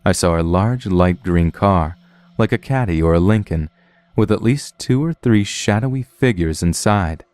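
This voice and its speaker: A man giving a scripted narration of a true horror story in a calm, matter-of-fact way. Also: low-pitched, normal speed, dry recording.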